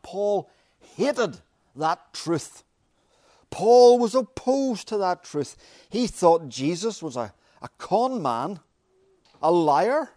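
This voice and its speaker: A man preaching a sermon, with dramatic pauses and emphatic repetition. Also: high-pitched, a little mellow, dry recording, clean studio sound.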